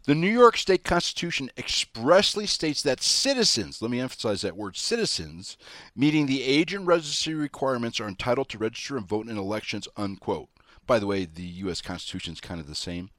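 A man's voice: medium pitch, expressive, a little fast, a bit bright, dry recording, clean studio sound. Opinionated man hosting talk radio. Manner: opinionated, folksy, emphatic. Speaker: radio talk show host. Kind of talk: political commentary monologue.

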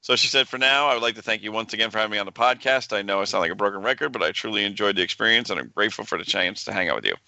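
A man co-hosting a casual podcast, talking in a halting, stuttery way and stumbling over words as he reads. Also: fairly low pitch, vocal fry, bright, forceful tone, no room sound. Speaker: podcast co-host.

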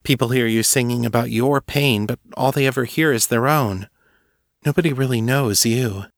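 A man's voice: medium pitch, dry recording, clean studio sound, voice pushed up, natural voice. A man doing a kind young woman telepath. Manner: brisk, gentle and coaxing.

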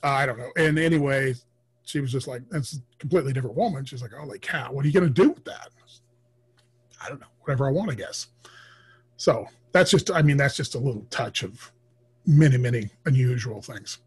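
A middle-aged man with a husky, somewhat breathy voice speaks as a podcast guest. He tells casual stories at an ordinary pitch. He rambles and fills his pauses as he goes. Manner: rambling, many filler pauses. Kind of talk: casual storytelling interview.

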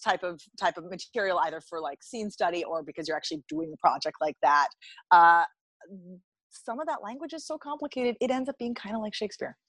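An American woman is interviewed as a dialect coach on a conversational podcast, chatting away with lots of fillers and restarts. Her voice is fairly low and fairly bright, animated and brisk. The recording is dry and low in quality.

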